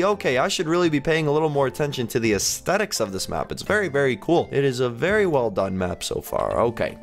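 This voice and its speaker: A man giving a chatty, joking playthrough commentary of a video game, reacting quickly and with excitement to what he sees. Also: mid-range voice. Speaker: gaming commentator.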